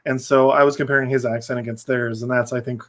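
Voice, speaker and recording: A man's voice: medium pitch, flat delivery, quick pace, a bit bright. A young man hosting a casual movie review podcast, rambling with frequent restarts. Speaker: podcast host.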